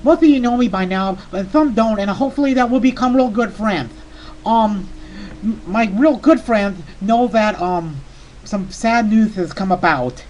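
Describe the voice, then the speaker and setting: Person doing a goofy little dude rambling on, um and you know everywhere, mid pitch. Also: measured pace, a little mellow, lo-fi sound, slight background noise, lightly acted. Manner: rambling, giddy storytelling with many fillers. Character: small childlike male character, excitable and goofy. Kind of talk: comedic monologue.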